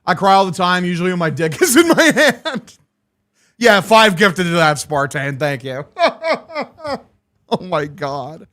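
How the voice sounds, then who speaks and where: A young man streaming a game watch-along, calling the plays and excitedly thanking his chat, swearing freely. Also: high voice, normal speed. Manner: hyped, profane, thanking chat. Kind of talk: live watch-along play-by-play.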